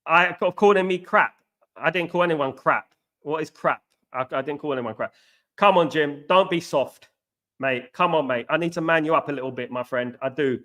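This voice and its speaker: Chatting on a live match-day stream from his apartment-complex home abroad, this East End Londoner speaks with an East London accent in a slightly bright, higher voice at normal speed. As host of a fan channel, he repeats himself emphatically and calls viewers mates.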